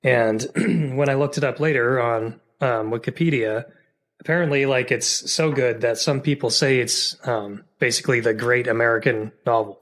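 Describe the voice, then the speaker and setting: A man's voice: mid-range voice, steady tone, moderate pace, fairly bright tone. Chatty, jokey podcast co-host man. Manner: chatty and jokey, with frequent fillers and restarts. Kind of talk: casual chat.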